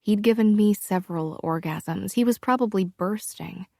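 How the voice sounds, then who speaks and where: Gravelly-voiced woman narrating an audiobook. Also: medium pitch, moderate pace, a little mellow, no echo, studio quality. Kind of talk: first-person romance narration.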